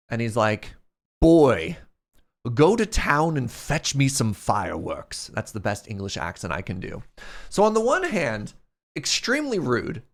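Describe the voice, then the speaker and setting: A man in his thirties streaming a game and chatting casually with his viewers. He tells stories in a very animated way, his pitch swinging widely, and he breaks into laughter often. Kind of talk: casual storytelling while gaming.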